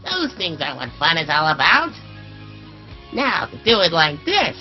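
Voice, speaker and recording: A man voicing a giddy, cheerful cartoon sea sponge in a squeaky, sing-song fan impression. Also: wildly swooping pitch, a little slow. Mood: encouraging. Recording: dull lo-fi stream audio with faint music.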